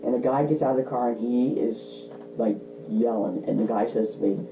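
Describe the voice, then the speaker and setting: A woman's voice: rumbling low, normal speed, background noise. A woman co-hosting a podcast, a journalist telling casual stories with many "you know"s. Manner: chatty, lots of "you know" and "like". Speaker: podcast co-host, car journalist. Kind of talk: casual chat, storytelling. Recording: roomy, slightly dull sound.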